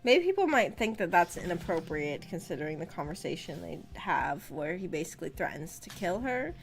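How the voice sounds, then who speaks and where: A woman's voice: fairly low pitch, big pitch swings, brisk, gravelly, faint music behind. A woman streaming a casual book discussion, chatty and often giggling as she reads chat aloud.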